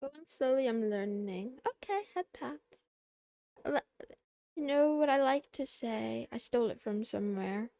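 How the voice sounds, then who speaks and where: A woman streamer chatting casually with her viewers in a soft, playful, giggly way. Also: on the high side, normal speed, creaky, dry recording.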